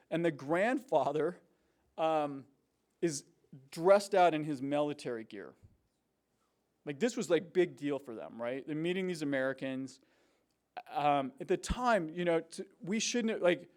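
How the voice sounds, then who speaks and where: Guy telling stories to a student crowd, lots of likes and restarts, kinda higher voice. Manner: animated, many fillers and restarts. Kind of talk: casual storytelling talk. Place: university hall before a student audience.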